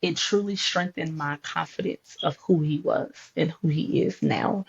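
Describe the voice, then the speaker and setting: A woman with a husky, breathy voice tells a faith story in a podcast conversation. She is animated and acts out the dialogue she recounts. The audio is dull and lo-fi. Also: deep voice, a little slow.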